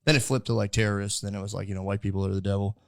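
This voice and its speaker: A man's voice: on the low side, little pitch movement, racing, vocal fry, dry recording, clean studio sound. A young man hosting a casual podcast interview, rambling with lots of fillers. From United States. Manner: rambling, filler-heavy with many likes. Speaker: podcast host.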